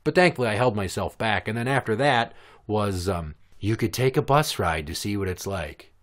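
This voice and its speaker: A man's voice: expressive, moderate pace. A man in his thirties hosting a podcast, telling stories in casual, profane, sarcastic chat. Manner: profane, sarcastic, mimics kids in a high voice. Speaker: podcast host.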